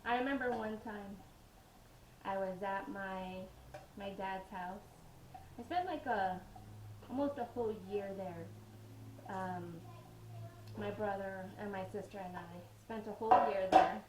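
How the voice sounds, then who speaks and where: A woman talks casually and rambles a little as she bakes in her home kitchen. Her voice sits at an ordinary middle pitch and bounces around a hard, echoey room. A faint hum runs underneath. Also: unhurried, long pauses, darkish tone. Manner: chatty, rambling, laughs while telling stories. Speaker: home cooking vlogger. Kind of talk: casual storytelling while baking.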